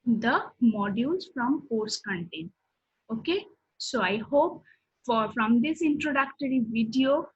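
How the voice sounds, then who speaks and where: A woman lecturer speaks in a fairly high, slightly husky voice. She works through her topics one by one in a steady, explanatory way. The recording sounds dull and lo-fi.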